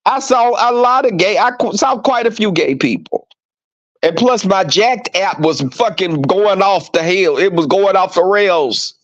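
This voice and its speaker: A man's voice: high-pitched, unhurried. A man hosting a livestream, chatting casually and profanely with viewers and acting out quoted exchanges. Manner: profane, animated storytelling. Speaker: livestream host. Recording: dull lo-fi stream audio.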